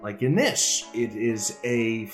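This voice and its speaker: A man's voice: on the low side, expressive, takes it slowly, soft background music. A man in his thirties co-hosting a casual podcast about retro games, talking in a jokey, rambling, playful way from a room at home. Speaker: podcast co-host. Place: home room with open window.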